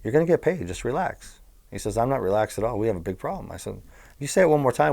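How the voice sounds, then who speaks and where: Racing along in a gravelly, medium-pitched voice, this middle-aged Southern California man tells blunt, profane stories with animation. He's an interview guest and former bookmaker, storytelling casually.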